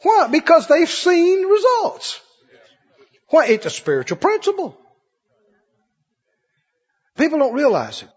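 A man preaching a sermon in a large church. He works the crowd with call-and-response, swinging from loud, high cries down to low murmurs. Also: sing-song, slow pace, pauses often. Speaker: pastor. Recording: muffled recording with long hall reverb.

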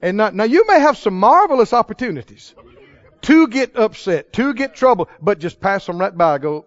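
A man preaching a sermon, chuckling often and swinging from hushed storytelling to loud proclaiming. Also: high-pitched, expressive, moderate pace, no echo. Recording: dull lo-fi recording.

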